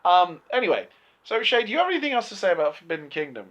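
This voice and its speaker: A man's voice: sits high, very animated, racing, a bit bright. A man in his twenties co-hosting a movie podcast in casual chat, ranting animatedly and swearing often. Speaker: podcast co-host. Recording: lo-fi podcast recording.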